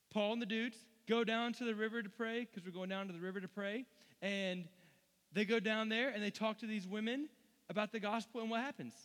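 A man preaching a casual, humorous sermon, animated and conversational, who acts out the story as he reads. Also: high voice, big-room sound.

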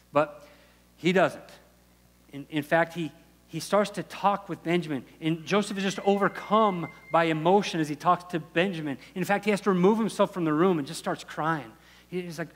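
A man's voice: fairly high pitch, moderate pace. A man preaching a sermon, retelling a Bible story in a casual, conversational way, often acting out the people's lines and restarting his sentences. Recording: long hall reverb.

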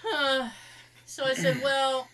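A woman from Massachusetts with a Massachusetts accent, telling a story in casual chat with lively sound effects. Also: high voice, slow.

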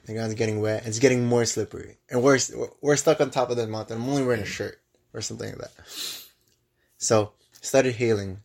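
A young man co-hosting a podcast, telling a travel story in casual chat, with lively bursts and frequent restarts. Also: fairly low pitch, a little fast. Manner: animated storyteller with many restarts. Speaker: podcast co-host.

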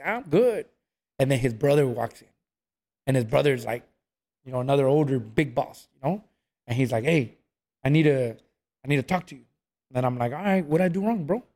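A man telling stories in a casual chat, acting out what people said. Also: medium pitch. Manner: animated storyteller, acts out quotes, says "bro" a lot.

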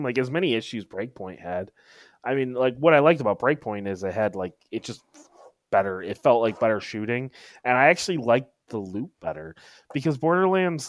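A man chatting casually about video games. He is hesitant and trails off quietly at the ends of thoughts. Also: mid-range voice, no echo, studio quality. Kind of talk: casual chat.

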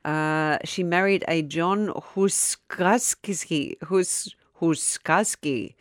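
Aussie woman rambling thru a crime story, lowish voice, dead dry sound. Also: very slow, no room sound. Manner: chatty, rambling, loses her place, often laughs. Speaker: podcast co-host telling a true crime story. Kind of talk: casual chat.

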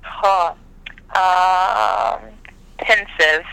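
A man with a high voice talks as a guest on a casual podcast. His tone is intensely bright, and he tells stories in an animated, dramatic way. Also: extremely slow, vocal fry, smooth, rough recording. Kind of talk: casual chat.

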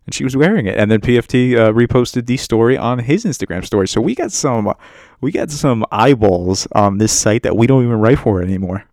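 Male podcast host, low voice, dry close mic; crude, rambling, self-mocking casual rant. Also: animated, a little fast, darkish tone, dry recording. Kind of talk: casual profane movie rant. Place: home setup while on a muted work meeting.

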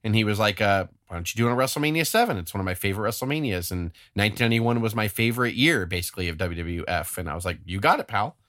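A man's voice: on the low side, very fast, hardly any pauses, no room sound, clean studio sound. A man co-hosting a podcast, chatting casually and acting out quotes as he tells a story. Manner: animated storyteller, acts out quotes. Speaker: podcast co-host. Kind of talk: casual chat.

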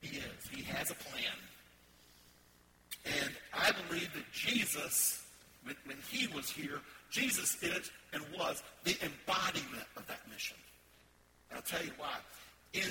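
A man preaching a sermon as a pastor in a church, building to emphatic, forceful stretches. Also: fairly high pitch, heavy background noise. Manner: emphatic preaching with rising bursts of intensity. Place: church sanctuary.

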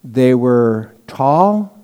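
A man's voice: medium pitch, sing-song, very slow, warm tone, clean tone, long reverb tail. A man preaching a sermon as pastor, teaching in a conversational way with stories and asides.

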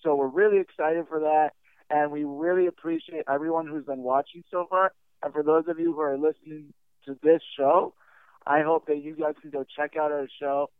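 A man's voice: on the high side, fairly even intonation, moderate pace, clean tone, dry recording. A young man, a guest podcaster, earnestly and upbeatly promoting his own sports show. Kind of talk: promotional pitch. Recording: tinny phone-like line.

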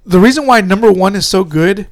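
A man's voice: sits high, brisk, no echo, studio quality. A man co-hosting a podcast in casual chat, rambling about films, laughing often and acting out movie lines. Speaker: podcast co-host.

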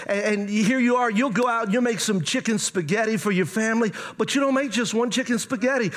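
A middle-aged man preaching, animated and conversational, with playful asides to the congregation. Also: sits high, fairly quick, few pauses. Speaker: pastor. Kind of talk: sermon.

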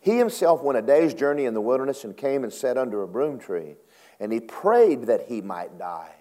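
A male preacher delivering a sermon, swinging from low murmurs to high, dramatic acted cries. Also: sing-song, moderate pace, mellow.

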